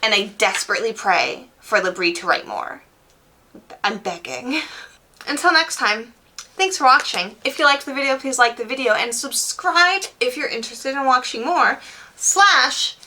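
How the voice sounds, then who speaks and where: A woman's voice: sits high, pushed and bright. A young woman casually reviewing books on her vlog, candid and enthusiastic, swearing freely and padding her talk with "you know" and "like". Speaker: book reviewer.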